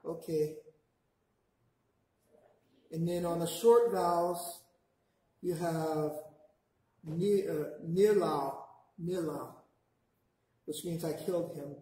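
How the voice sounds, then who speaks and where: High-voiced man teaching slowly in an echoey room. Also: warm tone. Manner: patient, models words slowly for the class to repeat. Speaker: language teacher. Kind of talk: language class instruction. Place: classroom. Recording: very echoey classroom.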